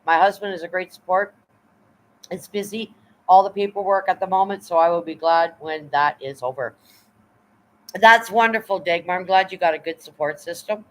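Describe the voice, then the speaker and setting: A woman's voice: on the low side, normal speed, rough recording. A woman hosting her live stream in casual chat, blunt and profane, rambling as she reads and answers her chat. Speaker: livestream host.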